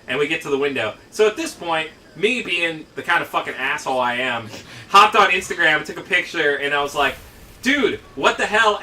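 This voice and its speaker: Man, casual let's-play commentator, very bright tone, slightly raised pitch, rambling and profane, mic a bit distant. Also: slight background noise.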